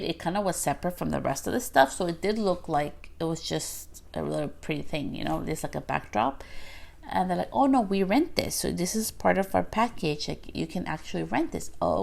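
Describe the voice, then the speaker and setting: A woman's voice: lowish voice, creaky. A woman hosting a podcast, talking casually on her own in a chatty way, full of fillers and little acted-out quotes. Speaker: podcast host. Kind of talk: casual solo podcast talk.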